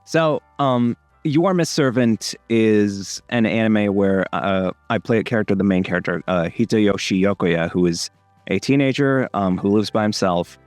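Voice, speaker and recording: A man's voice: lowish voice, normal speed, a little mellow, dry recording, soft background music. A young man from India with an American accent, a voice actor rambling casually with many fillers in an interview. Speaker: voice actor guest.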